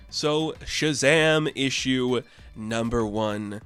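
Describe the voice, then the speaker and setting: A man's voice: mid-range voice, normal speed, a bit bright, faint music behind. A man giving a casual, enthusiastic comic book review, chatty and full of "like". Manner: chatty, enthusiastic, says "like" often.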